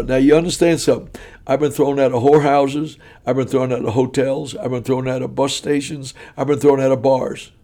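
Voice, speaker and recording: A man preaches his personal testimony in a warm, mellow, medium-pitched voice. Animated and folksy, he lands each beat like a seasoned storyteller addressing a congregation.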